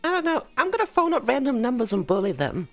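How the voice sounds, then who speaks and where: A woman with a Scottish accent, improvising a game roleplay in a playful, giggly way with loud outbursts. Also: sits high, sing-song, fast talker, soft background music. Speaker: roleplay streamer.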